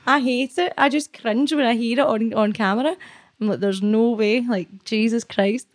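A woman's voice: a little high, fairly even intonation, normal speed, dry recording, studio quality. A young Scottish woman chatting as an interview guest, blunt and sweary, laughing often. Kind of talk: casual interview chat.

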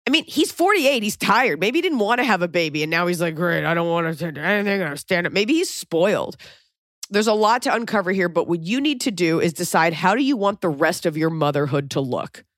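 A woman's voice: fairly low pitch, lively intonation, a little fast, dry recording, clean studio sound. A woman hosting an advice podcast, talking bluntly and swearing freely as she fires off questions in casual chat. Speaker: podcast host giving advice.

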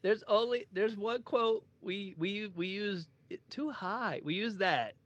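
A man co-hosting a casual movie podcast, animated and laughing as he quotes lines. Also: sits high, a little slow, lo-fi sound. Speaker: podcast co-host.

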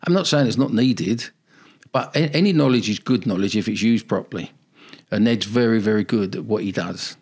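A man's voice: fairly low pitch, fairly quick, darkish tone, husky. An older man, a football manager telling rambling, nostalgic stories in a casual interview.

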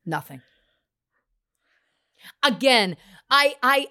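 Animated woman telling a story. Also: high voice, a little fast. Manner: animated, acts out quoted voices, laughs often. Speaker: podcast co-host. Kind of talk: casual storytelling chat. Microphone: remote call.

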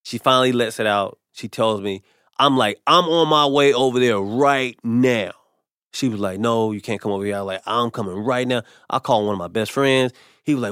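A man's voice: medium pitch, expressive, a little fast, a bit bright, dry recording, clean studio sound. A comedian telling a personal story in casual conversation, acting out the people he quotes. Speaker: comedian guest.

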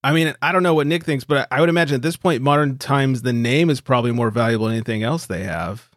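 A man's voice: medium pitch, quick pace, dry recording, studio quality. A man in his thirties hosting a podcast, talking casually, swearing and laughing often. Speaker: podcast host. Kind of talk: casual chat.

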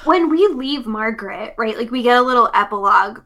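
Woman co-host, casual chat, chatty, sharp and bright tone, somewhat high. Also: expressive, fairly quick. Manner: chatty, laughs often, thinks out loud. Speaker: podcast co-host.

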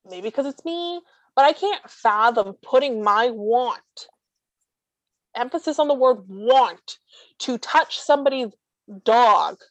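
Sarcastic woman talking fast n blunt, bit high, dead dry sound. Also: no room sound, highs cut off. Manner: blunt, sarcastic, quick asides. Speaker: guest with a service dog. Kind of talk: casual chat.

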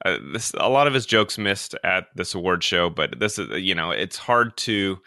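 A man chats casually as a co-host, recapping and rambling with fillers. His voice sits a little low and comes across bright and forceful, recorded dry and close. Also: expressive, moderate pace, no room sound. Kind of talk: casual chat.

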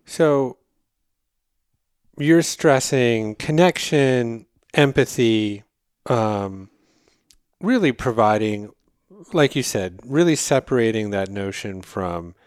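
A man hosting an interview, recapping his guest's ideas before easing into a long, meandering question. He speaks very slowly in a smooth, resonant voice. The recording is close and dry. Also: fairly low pitch, animated, a little mellow, dry recording. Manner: thoughtful, sums up points before asking, rambling questions. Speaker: podcast host.

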